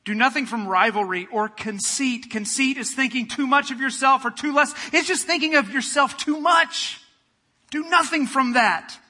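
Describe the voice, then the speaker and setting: A man preaching a sermon, building to loud passionate peaks and dropping to a soft, quiet prayer. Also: very high-pitched, normal speed, big-room sound. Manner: preaching with rising fervor, then quiet prayer. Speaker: pastor.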